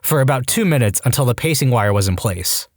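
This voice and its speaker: A man reading online stories aloud as a narrator, with a deadpan comic delivery. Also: mid-range voice, brisk, no room sound, studio quality. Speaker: story narrator.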